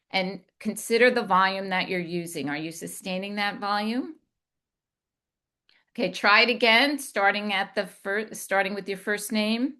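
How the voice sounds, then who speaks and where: A woman communication coach giving a deliberate instructional talk, demonstrating inflection as she goes. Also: mid-range voice, pushed and bright.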